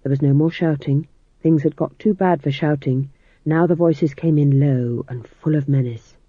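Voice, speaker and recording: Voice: medium pitch, steady tone, moderate pace, slightly rough, no echo. An audiobook narrator reading a story in a dry, wry manner. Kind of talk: scripted narration. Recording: tinny phone-like audio, dry.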